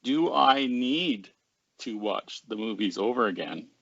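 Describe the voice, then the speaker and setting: Easygoing co-host with a hesitant delivery, mid-pitched male voice, dry and slightly dull recording. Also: expressive, measured pace, gravelly, fairly bright tone, husky, no room sound. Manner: laughs easily, hesitant with ums and restarts. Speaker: podcast co-host. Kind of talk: casual chat.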